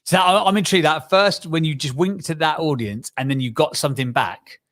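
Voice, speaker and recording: A man's voice: on the high side, brisk, fairly bright tone. A male host asking a guest curious, probing questions in a studio interview. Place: London studio.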